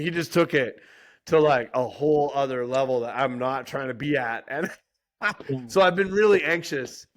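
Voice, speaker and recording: Male podcast co-host, a bit high-voiced, rambling heated storyteller. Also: normal speed. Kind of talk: casual podcast chat.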